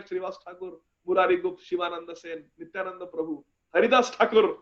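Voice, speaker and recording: A man giving a devotional scripture lecture, chanting verses slowly and speaking with fervent emphasis. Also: high voice, steady tone, a bit bright. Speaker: speaker in a scripture class series. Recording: dull lo-fi recording.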